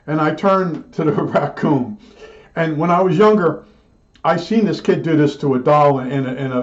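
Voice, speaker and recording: A man's voice: a little high, a little mellow, dull audio. An older man telling a rambling personal anecdote, chatty and digressive, with many restarts and asides. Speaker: storyteller recalling old work days.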